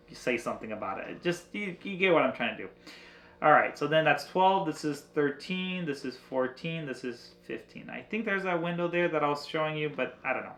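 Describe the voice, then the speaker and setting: A man giving a casual screen-share tutorial on window cleaning prices, thinking aloud and counting slowly with plenty of hesitation. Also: fairly high pitch, reverberant. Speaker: window cleaning business owner.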